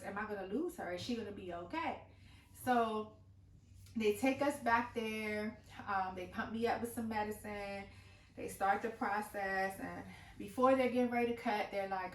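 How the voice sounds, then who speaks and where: A woman's voice: mid-range voice, recorded from a distance, slight background noise. A woman in her thirties recounts her twins' birth, often stopping and restarting as the feeling rises. Her mid-range voice sits a little back from the mic. An echoey room and faint ambience are heard behind her. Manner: emotional retelling with many restarts and fillers. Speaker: mother telling her birth story. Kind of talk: personal storytelling vlog.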